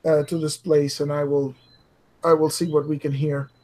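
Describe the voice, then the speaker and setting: A man voicing an invisible male adventurer, whispering haltingly to an ally in a whispered role-play over a video call. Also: on the high side, level tone, lightly acted. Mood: hushed. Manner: hushed, halting.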